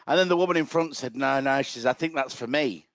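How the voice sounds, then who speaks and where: A man's voice: a little high, fast, dry recording. A young man, telling a funny anecdote in casual podcast chat with a dry, joking delivery. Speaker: podcast co-host. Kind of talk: casual storytelling.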